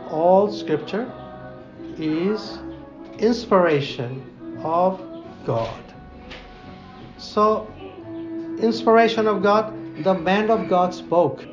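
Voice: mid-range voice, muffled recording. A Bible teacher speaking informally in a conversation, quoting scripture in old-fashioned wording and speaking English with non-native grammar.

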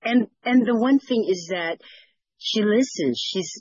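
Husky woman giving an earnest testimony. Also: medium pitch, a little slow, darkish tone, no echo, lo-fi sound. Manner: earnest, rambling, with repeated words. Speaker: fellowship leader. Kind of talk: personal testimony sharing.

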